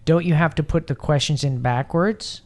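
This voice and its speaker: A male host with a fairly high voice who keeps the talk light, teasing guests and laughing easily. He hands the floor around the table in a loose, joking way. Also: moderate pace, darkish tone. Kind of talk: casual chat.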